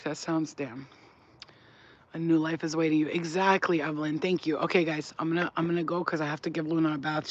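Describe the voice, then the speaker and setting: A man's voice: on the high side, lo-fi sound, a little hiss or hum. A man who works as a spiritual healer, chatting casually on a live stream. He talks in a loose, slangy and profane way and reads viewer comments aloud. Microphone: phone.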